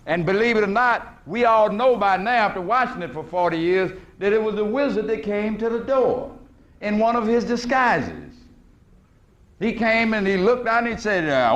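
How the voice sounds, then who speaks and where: A man lectures from a conference stage. He talks like a preacher, firing questions at the crowd and answering them himself. Now and then he slows right down and draws out a word to drive it home. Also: high-pitched, lively intonation, muffled recording. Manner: retells film scenes with quoted voices, stretching words for emphasis. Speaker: guest lecturer. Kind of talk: lecture to a live audience.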